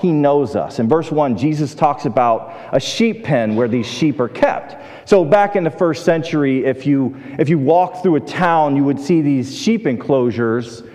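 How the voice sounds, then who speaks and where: A man's voice: mid-range voice, a little mellow. A man preaching a sermon in a church, talking with the congregation and acting out the voices in his stories. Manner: conversational, asks the congregation questions; acts out quoted voices in the stories. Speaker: pastor. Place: church sanctuary. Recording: long reverb of a large hall.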